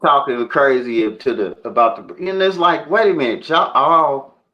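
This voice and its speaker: Male co-host, animated casual talker, bright tone, muffled lo-fi recording. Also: medium pitch, normal speed. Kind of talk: casual chat. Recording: dull lo-fi sound.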